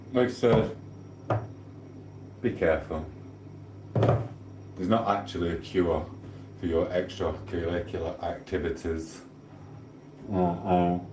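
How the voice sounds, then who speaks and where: A man with a lowish voice chats away to his live-stream viewers in an easygoing, rambling way, often asking if they know what he means and breaking into laughter. His voice rings a little in a roomy home kitchen, with a faint hum of background sound behind him. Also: darkish tone. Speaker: livestreamer chatting with viewers. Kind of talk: casual live-stream chat. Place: home kitchen while cooking.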